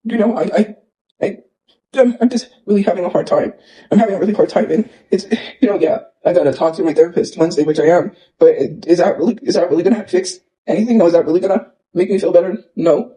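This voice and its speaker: A man's voice: sits high, fast talker, warm tone, low-quality recording. A man ranting on a livestream, upset and rambling, repeating himself and filling gaps with "like" and "you know.". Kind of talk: emotional livestream rant.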